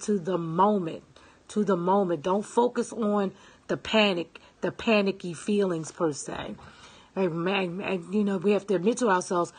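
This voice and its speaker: A woman's voice: medium pitch, slightly rough. A woman giving a casual motivational talk, stressing and repeating her points and checking in with her listeners. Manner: emphatic, repeats phrases, checks in with "okay?" and "right?"; greets live viewers. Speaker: self-help speaker.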